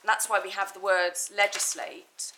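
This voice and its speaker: A woman's voice: medium pitch, flat delivery, normal speed, noisy background. A woman barrister making methodical legal submissions in an appeal courtroom, reading from documents with some restarts.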